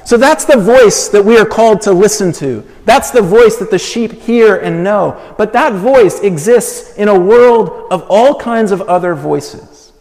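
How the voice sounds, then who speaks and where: A man preaching a sermon, measured and emphatic, building with slow repeated phrases. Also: high-pitched, a little mellow. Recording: long hall reverb.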